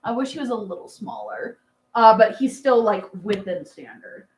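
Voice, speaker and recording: A woman's voice: mid-range voice, big pitch swings, normal speed, echoey room. A woman in her thirties chatting casually on a livestream, rambling with fillers and laughs, doting on her dog. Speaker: livestream host.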